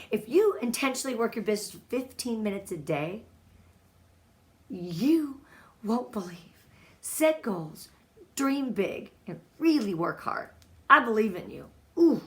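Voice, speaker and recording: A woman giving an emotional, encouraging motivational talk to her sales team as a guest speaker. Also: a little high.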